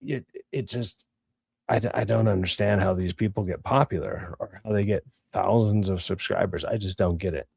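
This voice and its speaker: With a fairly low, husky, slightly mellow voice and some vocal fry, a young man at a moderate pace rants on a casual livestream. He curses in exasperation, restarts his sentences with stammers, and reads out chat messages, all with no room sound.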